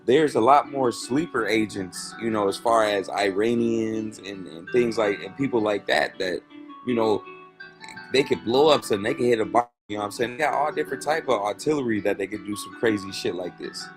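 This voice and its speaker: A man's voice: fairly low pitch, brisk, faint music behind. A man in casual commentary, talking loosely in slang and reading scripture verses aloud. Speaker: host.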